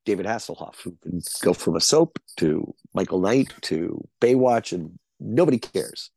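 Middle-aged man, low and dry, guest telling loose stories, lots of ums. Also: lively intonation, normal speed, vocal fry, darkish tone, breathy edge, no room sound. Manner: rambling anecdotes with fillers and restarts. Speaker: actor guest. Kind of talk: casual interview chat.

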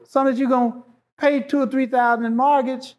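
A man's voice: very high-pitched, little pitch movement, quick pace, a little mellow. A man, a show guest, talking passionately and emphatically, repeating phrases to drive his points home. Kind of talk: impassioned casual talk.

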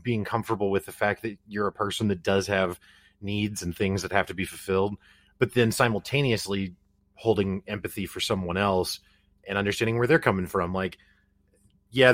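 A man hosts a podcast and talks in a reflective way, thinking aloud as he builds his point. His voice sits fairly low, and the sound is dry and close. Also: a bit bright, no room sound. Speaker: podcast host. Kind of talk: conversational interview.

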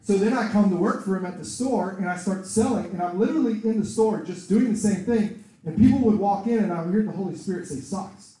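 Mellow man preaching in an echoey room. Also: sits high, fast talker, hardly any pauses. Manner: animated storytelling, acts out voices in quotes. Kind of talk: sermon with personal testimony. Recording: very echoey room, voice far from mic.

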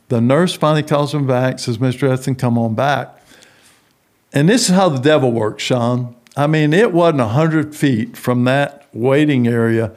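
A man's voice: medium pitch, a little mellow. A middle-aged man, a prison ministry founder, telling a personal story in an interview and acting out the voices of the people in it.

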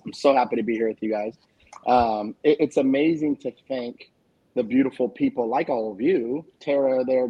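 Casting: male guest, earnest and heartfelt, mellow husky tone, muffled call audio. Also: medium pitch. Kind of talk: casual chat. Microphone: video call.

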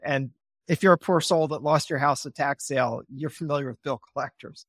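A man's voice: a little high, brisk, no room sound. Upbeat man, dry close mic. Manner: animated, acts out phone calls in a cheerful voice. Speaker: real estate investor guest. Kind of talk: podcast interview.

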